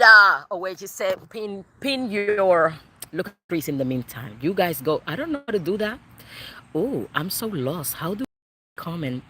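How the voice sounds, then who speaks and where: A woman giving a live tarot reading, excitable and expressive, swearing casually as she talks to viewers. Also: mid-range voice. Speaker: tarot reader.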